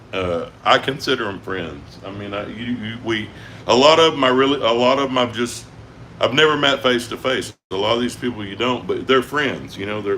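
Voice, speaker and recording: Guy rambling casually on his stream, lowish voice, lots of restarts. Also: a bit bright, slight background noise. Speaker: livestreamer.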